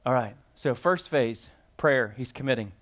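A man's voice: mid-range voice, measured pace. A man preaching as pastor, reading scripture aloud and then explaining it with rising emphasis and questions to the congregation. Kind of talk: sermon.

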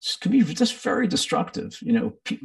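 A man leads a training session in a loose, conversational way, with plenty of ums and acted-out quotes. His voice swings widely in pitch and has a gravelly edge, and it sits a little higher than most men's. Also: very animated, a little fast, distant mic. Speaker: workshop presenter.

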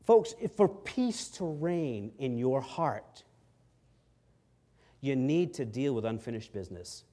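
A pastor preaching an emphatic sermon, swinging between quiet and loud lines and acting out quotes from the story. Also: male voice, medium pitch, lively intonation, slow pace.

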